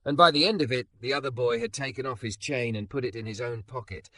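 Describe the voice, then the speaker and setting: A man narrating a scripted story in an even, measured reading. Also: mid-range voice, no echo.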